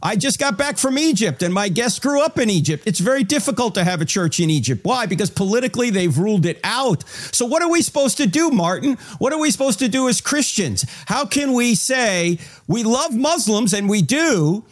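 A man's voice: sits high, lively intonation, brisk, hardly any pauses. A man hosting a talk show, speaking emphatically and posing rhetorical questions to his guest. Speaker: host.

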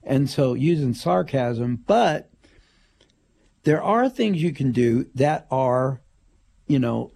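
A man's voice: mid-range voice, animated, takes it slowly, gravelly, pauses often, warm tone. An older man co-hosting a radio show, chatting casually, reflective and drily humorous. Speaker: radio co-host.

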